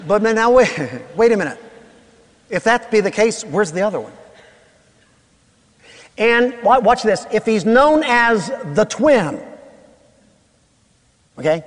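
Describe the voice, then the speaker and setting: A man preaching a sermon in a church, playful and animated, calling on the congregation to answer back. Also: high-pitched, unhurried, long pauses. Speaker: pastor. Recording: long reverb of a large hall.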